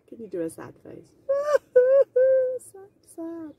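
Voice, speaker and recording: A woman teacher reads a children's picture book aloud outdoors, gasping and laughing as she acts out each feeling. She talks very slowly, and her mellow voice swoops up and down. She sits some way from the mic, with faint noise behind her. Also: extremely high pitch, distant mic. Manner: very slow, animated, acts out each emotion with gasps and laughs. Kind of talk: storybook reading for young learners. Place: outdoors in the mountains.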